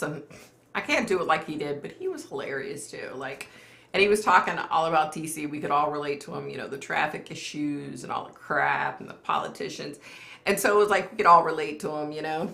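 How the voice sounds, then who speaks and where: A middle-aged woman hosts a casual live chat, laughing easily and reading comments as she goes. Her voice sits low with a gravelly edge but sounds bright and forward. The room around her is echoey. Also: brisk. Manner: chatty, laughs often, reads viewer comments aloud. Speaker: livestream host.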